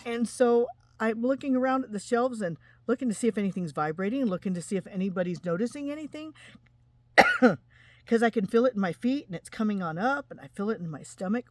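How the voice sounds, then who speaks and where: A woman in her forties from Utah, telling an emotional personal testimony to camera in an earnest, halting way. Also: fairly high pitch, expressive, dry recording. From Utah, USA. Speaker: spiritual vlogger.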